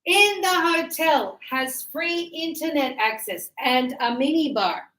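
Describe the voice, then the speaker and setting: High-voiced woman teaching in an echoey classroom. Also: lively intonation, slow, a bit bright. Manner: patient, encouraging explaining with examples. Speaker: English teacher. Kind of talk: classroom grammar lesson.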